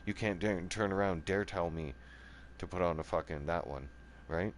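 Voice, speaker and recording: A defiant man rants straight into the mic in a fairly low voice, cursing constantly and tacking "right?" or "okay?" onto nearly every line. There's a faint hiss of room noise behind him. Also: normal speed. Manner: profane, repetitive, keeps asking "right?" and "okay?"; angry and defiant, voice rising and falling. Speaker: gaming channel host. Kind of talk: heated monologue rant.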